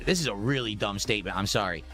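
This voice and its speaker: A man's voice: fairly low pitch, expressive, fast talker, over music. A man streaming casually, reading donations and bluntly dismissing viewer comments. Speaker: streamer in a replayed clip.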